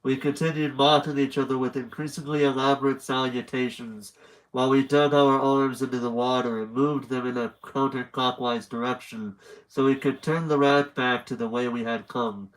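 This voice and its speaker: A man's voice: mid-range voice, steady tone, moderate pace, low-quality recording. A young man with a slightly nasal voice reads a horror story aloud on a live stream. He wanders off into chatty asides before settling back into the narration. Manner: chatty, rambling asides between story passages.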